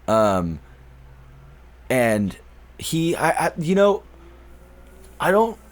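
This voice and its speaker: A young man co-hosting a podcast in casual chat, excitable and cursing, with quick restarts. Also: fairly high pitch. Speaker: podcast co-host.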